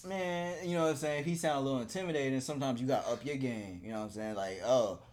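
A man's voice: medium pitch, quick pace, a little mellow. Laid-back man trading stories in chat. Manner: laughs often, acts out quoted dialogue, hesitant restarts. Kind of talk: casual chat.

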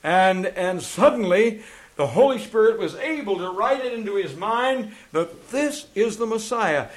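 A man preaching a sermon as pastor, fervent, swinging from loud declarations to hushed asides, and reading passages aloud. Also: high voice, lively intonation, normal speed. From England. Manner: reads passages aloud from books.

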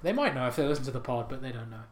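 A man's voice: mid-range voice, expressive, very fast, slight background noise. A man hosting a podcast, telling absurd rambling comic stories, swearing and laughing at his own jokes into a podcast microphone. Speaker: podcast host.

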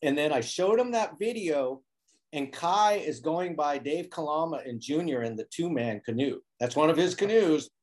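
Animated man telling a story. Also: a little high, moderate pace. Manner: animated storyteller who acts out quotes. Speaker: guest, foil board maker. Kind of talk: casual storytelling interview. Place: Hawaii.

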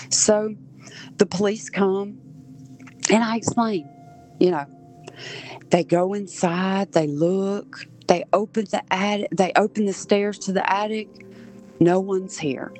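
A woman's voice: fairly low pitch, darkish tone, poor audio. A woman from southern Georgia, a podcast guest, earnestly recounting events step by step. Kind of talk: personal storytelling.

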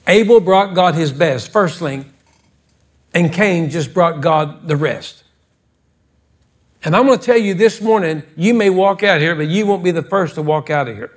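A male pastor with a notably high voice preaches in a church. His delivery is scolding and fervent, swinging from low rebukes to loud, insistent calls. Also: moderate pace. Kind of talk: sermon. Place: church sanctuary.

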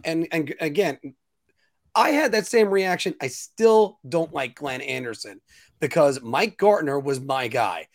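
Male show host, high voice, lively swoops, ranting, casual talk. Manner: animated, ranting. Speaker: podcast host.

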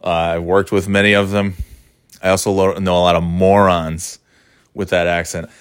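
A man's voice: deep voice, flat delivery, normal speed, clean tone, no echo, studio quality. A man giving casual, sarcastic commentary on a clip, swearing freely. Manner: sarcastic, swears, mocks with put-on voices.

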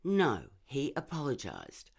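A woman voicing a warm, fussing middle-aged mother in a story reading, high and bright. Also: huge pitch swings, takes it slowly, gravelly, slightly rough, exaggerated voice. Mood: doting.

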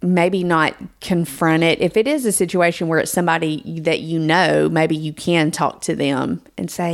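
Woman co-host, lowish voice, casual podcast talk, reflective, kinda searching for words. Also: fairly even intonation, a little slow, gravelly. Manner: reflective, searches for words and restarts to explain a point. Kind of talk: casual chat.

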